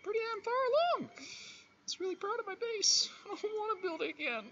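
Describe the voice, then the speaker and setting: A man streaming a survival game, muttering and grumbling and swearing at creatures, with sudden loud outbursts. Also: extremely high pitch, expressive, a little fast, lo-fi sound, a little hiss or hum. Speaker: gaming streamer. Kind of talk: casual let's-play commentary.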